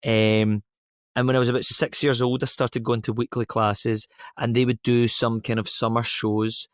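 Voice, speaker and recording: A man's voice: mid-range voice, normal speed, clean tone, no room sound, clean studio sound. A young Scottish man, an actor, chatting in an interview, telling stories with lots of ums and restarts. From Scotland. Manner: relaxed storytelling, many ums and restarts. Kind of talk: casual interview chat.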